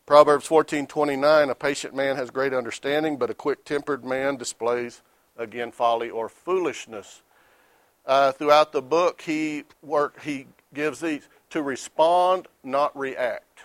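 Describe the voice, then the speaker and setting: Man, 50s, plainspoken Bible class teacher, mid-pitched, dry close sound. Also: steady tone, unhurried, no room sound. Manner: plainspoken, reads scripture aloud then explains it. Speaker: Sunday school teacher.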